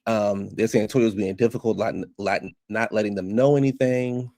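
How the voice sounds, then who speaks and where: A man's voice: on the low side, steady tone, normal speed, darkish tone, dry recording, studio quality. A man giving a sassy, gossipy casual recap of a reality show, talking straight to his viewers.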